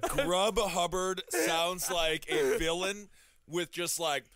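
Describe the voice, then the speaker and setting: Bright, sharp-voiced joking podcast man. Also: on the high side, fairly even intonation, no room sound. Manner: quick comic riffs, silly voices. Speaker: podcast co-host. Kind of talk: comedic banter.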